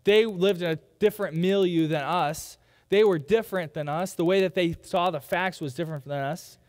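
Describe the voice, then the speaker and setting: Speaking at an ordinary pace, a high-voiced pastor preaches in the large hall of a church sanctuary. He keeps his tone conversational and sometimes mimics doubters with mock voices.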